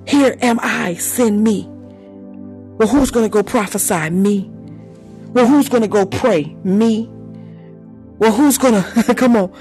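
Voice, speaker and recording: A spirited preacher leads the congregation in call-and-response, laughing between lines. At times the voice drops into speaking in tongues. Soft music plays underneath at a middling pitch. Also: slow, long pauses, poor audio. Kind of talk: sermon.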